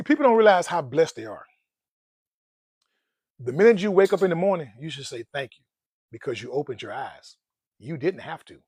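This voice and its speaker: A playful man talks about money and life in a high, lively voice, laughing often and dropping folksy slang. The sound is close and dry. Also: breathy edge, no echo. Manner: folksy slang, calls listeners "man" and "dog". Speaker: personal finance vlogger. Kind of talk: casual motivational talk.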